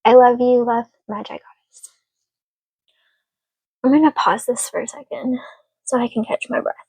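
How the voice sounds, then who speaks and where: A woman's voice: on the high side, fairly even intonation, fairly quick, dark tone, slightly rough, dry recording. A woman giving a casual spoken tarot reading, earnest and emotional, speaking reassuringly to her listener. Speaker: tarot reader.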